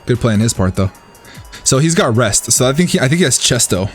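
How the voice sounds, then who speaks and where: Faint music plays behind a man with a medium-pitched voice as he briskly commentates his own competitive match. He's excitable, thinks aloud, cheers his own plays, and talks to his opponent.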